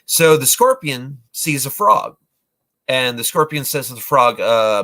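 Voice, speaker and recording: Bright-voiced rambling man in his forties. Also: mid-range voice, sing-song, measured pace. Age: 40s. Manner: rambling, with many fillers and restarts. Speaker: vlogger, movie reviewer. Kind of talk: casual retelling of films.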